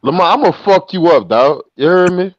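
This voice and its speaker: A man calling into a live stream, loud and profane, joking threats at the host. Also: high voice, animated, moderate pace, highs cut off, slight background noise. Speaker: caller on the panel.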